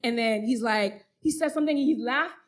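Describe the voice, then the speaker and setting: Animated young woman telling a story. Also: on the high side, a little fast. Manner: animated, laughs often, acts out others' lines. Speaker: podcast co-host. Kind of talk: casual storytelling chat.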